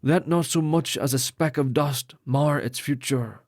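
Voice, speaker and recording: A man's voice: fairly high pitch, a little slow, a little mellow, no room sound, clean studio sound. A man voicing a grave lord speaking in ritual tones. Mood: solemn. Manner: grave, formal pronouncements. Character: solemn ceremonial male lord ordaining priests.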